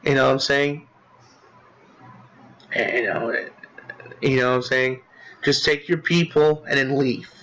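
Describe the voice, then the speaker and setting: A man casually recapping a game he played, rambling with lots of filler words and restarts, swearing as he gets excited. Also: medium pitch, unhurried, long pauses, poor audio. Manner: profane, excitable. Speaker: gaming commentator.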